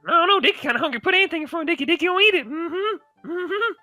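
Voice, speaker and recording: A man's voice: very high voice, lively intonation, fast, pushed and bright, dry recording, faint music behind, exaggerated voice. A man voicing a grumpy, uncouth male character in a tabletop game, drawling and humming "mm-hmm" between lines. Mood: gruff demanding. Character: grumpy uncouth male character who calls himself Dickie.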